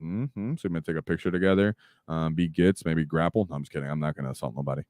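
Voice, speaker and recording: A man hosting a casual livestream chat, talking in an animated way with lots of fillers and sudden shouts. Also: rumbling low, rapid-fire, no echo, studio quality. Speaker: streamer host.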